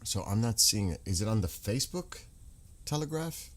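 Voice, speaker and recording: A man with a low voice hosts a casual livestream. He reads viewer comments aloud and answers them as he searches websites. He talks into a desk microphone. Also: a little fast. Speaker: livestream host reading chat.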